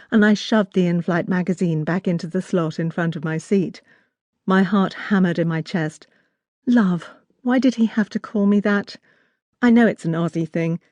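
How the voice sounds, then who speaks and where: Low-voiced woman narrating a romance audiobook. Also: darkish tone, dry recording. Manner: intimate, wry storytelling. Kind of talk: scripted first-person audiobook narration.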